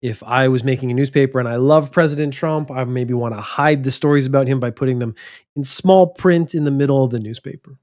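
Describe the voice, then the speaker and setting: Slow, deliberate male English teacher. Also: mid-range voice, a little mellow. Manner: slow and deliberate, stretches words out and stresses key words. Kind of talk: vocabulary lesson, thinking aloud.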